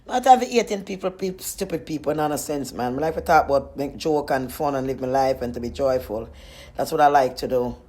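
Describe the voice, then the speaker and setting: A woman's voice: a bass voice, a little fast, a little mellow. A woman chatting casually on a live stream while eating, playful and talkative, greeting viewers by name.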